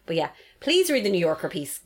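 Brief: woman podcast co-host, rapid and blunt, plenty of swearing. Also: on the low side, sing-song, crowd noise. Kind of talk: casual banter.

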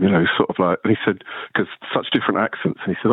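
Fast-talking husky man on a phone line. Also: sits low, no room sound. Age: 60s. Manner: animated storyteller, acts out voices. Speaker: caller. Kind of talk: phone-in anecdote.

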